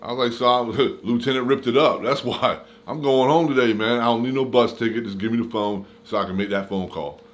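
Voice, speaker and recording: A man's voice: fairly low pitch, moderate pace. A man casually telling a personal story to his camera, in slangy talk, acting out the lines of the people in it. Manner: slangy, animated retelling with quoted dialogue. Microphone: camera mic.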